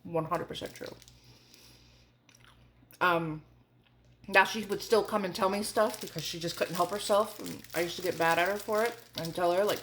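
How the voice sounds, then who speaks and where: A woman's voice: on the low side, moderate pace, pauses often, a bit bright, slight background noise. A woman in her forties telling a candid storytime vlog in a chatty way, full of fillers. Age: 40s. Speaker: vlogger.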